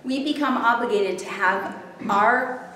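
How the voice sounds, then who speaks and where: Slightly high and slightly slow, the woman's voice sounds pushed and bright. She's delivering a spiritual workshop to a live group and keeps checking that the audience follows. The room echoes heavily, the mic is distant, and faint noise is present.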